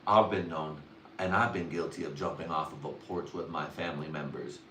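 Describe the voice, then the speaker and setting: A man's voice: very deep voice, steady tone, moderate pace, fairly bright tone, distant mic, a little hiss or hum. Crude rambling man on a livestream. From Mexican family. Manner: crude, rambling, heavy swearing. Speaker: livestream host. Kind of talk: casual livestream monologue. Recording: roomy sound from away from the mic.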